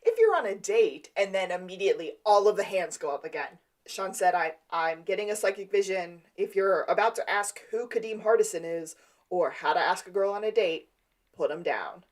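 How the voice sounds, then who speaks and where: A woman's voice: medium pitch, animated, normal speed. Woman recapping an episode, casual. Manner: retells scenes with quoted lines. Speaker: podcast co-host.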